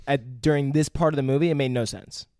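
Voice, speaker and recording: A man bantering on a podcast, chiming in with quick jokes and reactions. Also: mid-range voice, darkish tone, dry recording, clean studio sound. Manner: quick joking interjections. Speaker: podcast co-host. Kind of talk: casual banter.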